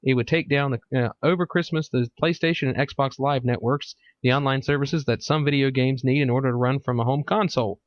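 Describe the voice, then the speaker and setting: A man's voice: medium pitch, fairly even intonation, a little fast, few pauses, dry recording. A man hosting a casual podcast, chatting crudely and reading news articles aloud. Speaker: podcast host. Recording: dull lo-fi podcast mic.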